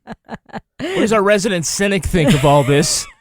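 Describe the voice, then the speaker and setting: ऊँची आवाज़ वाला आदमी, तीखे व्यंग्य के साथ, सूखी रिकॉर्डिंग. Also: male voice, high-pitched, big pitch swings, unhurried, no echo, studio quality, soft background music. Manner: sarcastic, blunt, swears. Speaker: podcast co-host. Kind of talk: casual chat.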